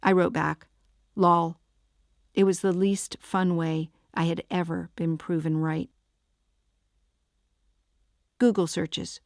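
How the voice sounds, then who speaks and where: A woman narrating a first-person audiobook with a wry, deadpan comic delivery. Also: fairly low pitch, no room sound, studio quality.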